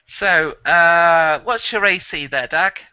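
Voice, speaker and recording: A man's voice: fairly high pitch, bright, forceful tone, clear, resonant tone. A man running a tabletop game as game master over voice chat, chatty and often laughing as he narrates. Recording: dull lo-fi voice chat audio.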